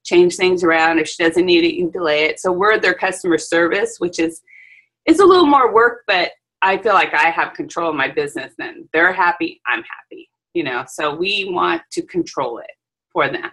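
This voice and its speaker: A woman who owns a hair salon, chatting on a video call in a lively storytelling way, with plenty of fillers. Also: fairly low pitch, moderate pace, rough recording. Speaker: salon owner and hairstylist. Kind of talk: casual chat on a video call.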